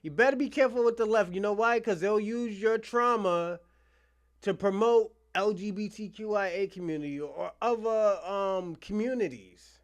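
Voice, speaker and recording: A man's voice: high voice, normal speed. A man hosting casual commentary on clips, laughing often and swearing freely. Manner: laughing often, profane, animated. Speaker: host.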